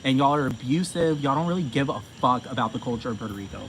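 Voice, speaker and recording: Animated and quick, this medium-pitched man delivers a ranting monologue as a commentator, swearing emphatically and circling back to the same points. Vehicles can be heard in the noisy background.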